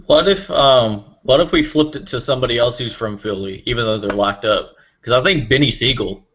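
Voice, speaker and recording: A man's voice: mid-range voice, fairly quick, a bit bright, lo-fi sound. A man co-hosting a casual hip hop podcast, talking in a playful, joking way. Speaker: podcast co-host.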